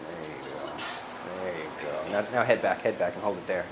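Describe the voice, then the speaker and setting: A man speaking a little fast in a low voice teaches a live yoga class, tossing out relaxed cues sprinkled with profanity. The studio sound is echoey, with a faint hum of ambient noise.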